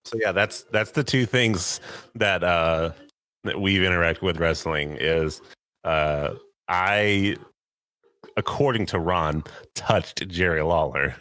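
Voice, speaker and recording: A man's voice: deep voice, slow, pushed and bright. A man co-hosting a casual podcast, trading wry jokes with his friends. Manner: wry, joking banter. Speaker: podcast co-host. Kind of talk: casual chat.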